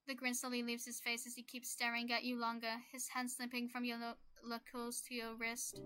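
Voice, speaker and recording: A woman's voice: a little high, flat delivery, normal speed. A woman reading a story game aloud, emotional and getting teary. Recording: game music behind.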